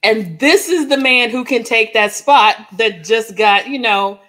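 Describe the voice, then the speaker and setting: A woman co-hosting a podcast, telling a lively personal story in casual chat and acting out the dialogue as she goes. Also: fairly high pitch, unhurried. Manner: animated storyteller, acts out dialogue, frequent "like" and "oh my gosh". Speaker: podcast co-host.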